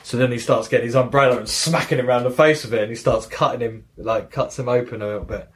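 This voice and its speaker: A man's voice: medium pitch, steady tone, fast. A man hosting a casual gaming podcast, rambling through stories with plenty of swearing. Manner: rambling retelling with swearing and acted-out quotes. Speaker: podcast host.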